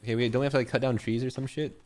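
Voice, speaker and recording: A man's voice: medium pitch, fairly even intonation, racing, darkish tone, slight background noise. A man streaming a survival game, chatting casually and reacting with jokes and dramatic outbursts. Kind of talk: casual gaming chat.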